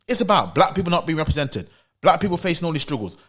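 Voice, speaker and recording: Emphatic man with a lively, higher voice. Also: quick pace. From United Kingdom. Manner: emphatic, with frequent rhetorical questions; repetitive, insistent. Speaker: opinion vlogger. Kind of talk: opinion commentary monologue.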